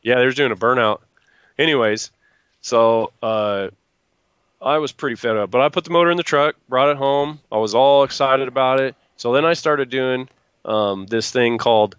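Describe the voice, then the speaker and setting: A man's voice: mid-range voice, normal speed, fairly bright tone, clean tone, no room sound, dull audio. A man chatting casually as a guest, rambling through stories and acting out what people said. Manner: rambling storyteller acting out quotes. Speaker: guest truck builder. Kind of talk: casual chat.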